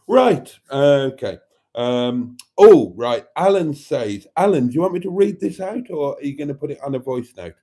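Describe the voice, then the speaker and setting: A man chatting warmly with viewers on his live stream, camp and talkative, laughing often and calling them darlings. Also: medium pitch.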